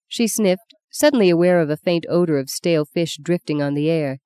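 Brief: female audiobook narrator, low mellow voice, measured and gentle delivery. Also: clean tone, dry recording, studio quality. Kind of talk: scripted narration of a novel.

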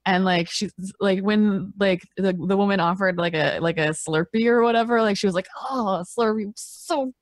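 A woman's voice: mid-range voice, moderate pace, few pauses, no echo. A woman playing in a tabletop game, describing her character in a chatty, filler-heavy way. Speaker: player. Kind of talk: casual tabletop game chat.

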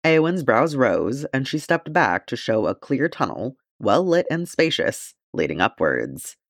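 Lively, expressive male audiobook narrator. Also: medium pitch, unhurried, no room sound, studio quality. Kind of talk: fan fiction audiobook narration.

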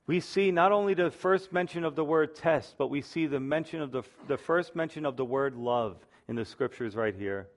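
A man's voice: fairly high pitch, moderate pace, few pauses. A middle-aged man preaching a sermon, teaching verse by verse in an emphatic, earnest way. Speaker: pastor.

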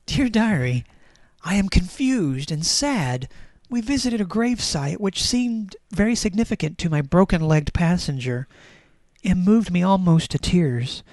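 A sorrowful, melodramatic wheelchair pours out its diary, slow and mournful, in a dry, close sound, read by a woman. It laments its plight in mock-tragic tones at a middle pitch. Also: lively intonation, darkish tone, no room sound. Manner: mock-tragic, breaking into giggles. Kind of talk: reading a diary aloud.

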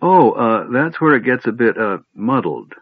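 A man voicing an eager, chatty male kender who tells tales excitedly and stammers at times. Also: mid-range voice, normal speed, dry recording. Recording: tinny phone-like line, dry.

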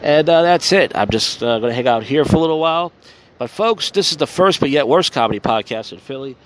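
A man's voice: fairly high pitch, lively intonation, a little fast. A man hosting a casual solo podcast, rambling loosely with profane, wry asides, recorded outdoors in a city on a phone. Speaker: podcast host.

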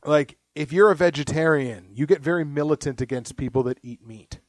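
A man hosts a casual podcast full of profanity, rambling, swearing constantly and laughing at his own jokes. His voice sits on the high side and moves a little fast, in a dry recording.

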